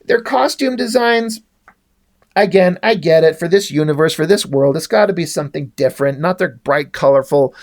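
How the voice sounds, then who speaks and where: A man's voice: on the high side, a little mellow. A man giving a casual, rambling comic book review in a sarcastic tone, swearing often.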